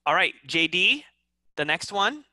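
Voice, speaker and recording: Slow patient male English teacher. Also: sits high, sing-song, pushed and bright, dry recording. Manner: slow, patient, repeats words, mixes in Indonesian. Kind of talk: online class teaching.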